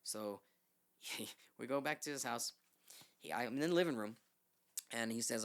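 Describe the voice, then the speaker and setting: A man's voice: medium pitch, normal speed, long pauses. A man as a podcast guest, telling a long story in a casual, rambling way, swearing freely and acting out what people said. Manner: rambling, animated, swears freely, acts out quotes. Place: podcast studio.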